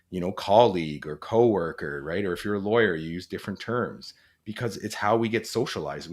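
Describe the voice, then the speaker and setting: A man speaking as an interview guest, earnest and reflective, often using "like" as a filler. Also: low voice. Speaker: guest, former police officer and author. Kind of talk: conversational interview.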